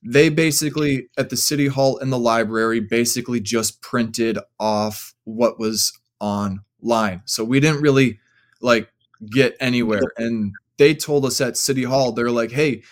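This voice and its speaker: A young man, appearing as a guest on a podcast, tells a long, rambling story at a measured pace. His voice sits at an ordinary middle pitch for a man, and his sentences are full of fillers as he chats casually.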